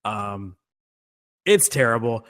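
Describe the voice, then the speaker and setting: A man's voice: lowish voice, expressive, slow pace, fairly bright tone. A man co-hosting a podcast in casual movie chat, loose and profane. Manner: loose, profane, laughs easily. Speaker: podcast co-host.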